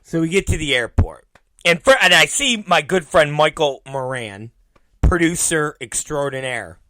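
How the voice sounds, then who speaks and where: A man's voice: a little high, animated, normal speed, pushed and bright. A middle-aged man hosting his own show, telling a rambling, profane story and laughing at it. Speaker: podcast host. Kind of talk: casual storytelling monologue.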